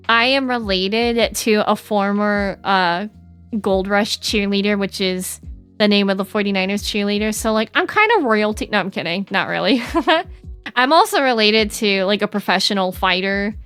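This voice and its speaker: A woman's voice: mid-range voice, a bit bright, clean tone, no room sound. A young adult woman streaming, chatting casually with her chat in a bubbly, giggly, rambling way.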